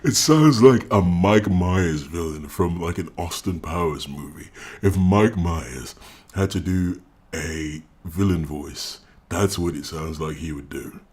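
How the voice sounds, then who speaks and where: Deep, husky, mocking male commentator. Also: slow pace, darkish tone. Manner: mocking, profane, ranting. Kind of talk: reaction commentary.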